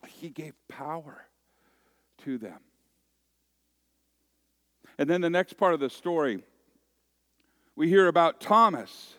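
A man's voice: on the high side, lively intonation, takes it slowly, pauses often, a bit bright, no room sound. A man in his forties preaching a conversational sermon, joking and self-deprecating as he tells stories. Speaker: pastor.

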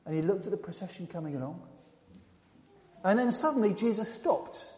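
A male preacher tells a story as a sermon, dramatic and then hushed. His voice sits high for a man and sounds mellow. A long reverb fills the church hall around him. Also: animated, moderate pace. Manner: dramatic storyteller, quiet and intimate at the close.

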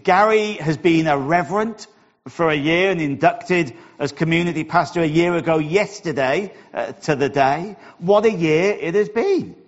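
A man's voice: on the high side, normal speed. A middle-aged Welsh man, a pastor, opening a sermon in a chatty, joking, self-deprecating way in a church hall. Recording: dull lo-fi recording.

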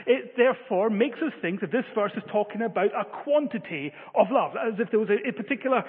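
A man delivers a sermon in an earnest, emphatic way, often restarting his phrases. His voice sits high and sounds slightly husky. The sound is thin like a phone line, with a long hall reverb behind it. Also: animated, fairly quick. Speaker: preacher.

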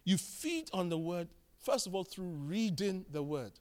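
Male preacher with a high voice, animated and emphatic, acts out conversations from the pulpit. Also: measured pace. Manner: animated storytelling, acting out dialogue; emphatic, repeats key phrases. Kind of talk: sermon.

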